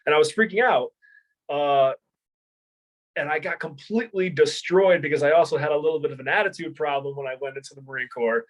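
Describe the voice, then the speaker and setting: In a casual interview, a former Marine and martial arts instructor in his thirties talks briskly in a slightly high voice. His stories wander, packed with fillers, restarts, laughter, and plenty of swearing, all captured on poor audio.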